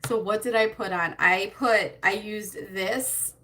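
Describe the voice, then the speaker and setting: A woman's voice: medium pitch, measured pace, pushed and bright. A woman hosting a casual beauty live stream, chatty and a little scattered, greeting viewers by name and laughing nervously. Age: adult with a child. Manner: nervous, self-conscious laughter. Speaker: beauty livestream host.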